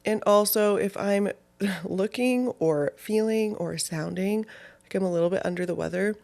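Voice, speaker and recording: A young woman hosting her own podcast, chatting casually in a rambling way with lots of fillers and swearing, sounding a bit low. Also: normal speed, gravelly, darkish tone. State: low-spirited. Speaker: podcast host. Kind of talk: casual solo podcast chat.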